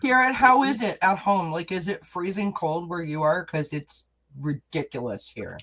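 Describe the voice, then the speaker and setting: A woman's voice: lowish voice, lively intonation, moderate pace, a bit bright, poor audio. Woman co-host, casual live-stream chat, playful and giggly, tells stories. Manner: chatty, giggly, playful storyteller. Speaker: co-host tarot reader.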